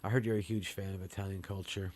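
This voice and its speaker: A man's voice: low voice, flat delivery, fast, darkish tone. A man co-hosting a comedy podcast, teasing and mocking in crude, casual banter. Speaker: podcast co-host.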